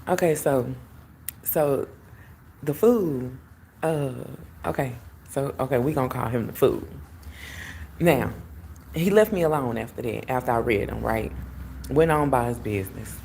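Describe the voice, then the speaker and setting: Low-voiced woman telling a story to viewers. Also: a little slow, creaky, long pauses, a little hiss or hum. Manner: animated, talks straight to viewers, lots of "like" and "you know". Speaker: tarot reader and livestream host. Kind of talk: casual storytime on a livestream. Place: outdoors at work, phone livestream.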